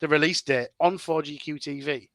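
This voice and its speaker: A man's voice: fairly high pitch, fairly even intonation, normal speed, vocal fry, fairly bright tone, dry recording. A man, chatting as a guest content creator in a casual interview, full of fillers and restarts.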